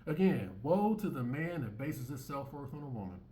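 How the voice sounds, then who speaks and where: A man's voice: mid-range voice, sing-song, moderate pace, warm tone. Blunt, profane man ranting to camera. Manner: blunt, repetitive, stammering restarts, profane. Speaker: commentary channel host. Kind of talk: opinionated monologue over clips.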